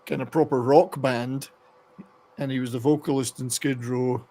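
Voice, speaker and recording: A man with a gravelly, creaky voice hosts a relaxed chat about rock music. He rambles a bit, stops to read passages aloud, and pitches his voice right in the middle range for a man. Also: moderate pace, a crowd in the background. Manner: rambling, reads excerpts aloud. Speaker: podcast host.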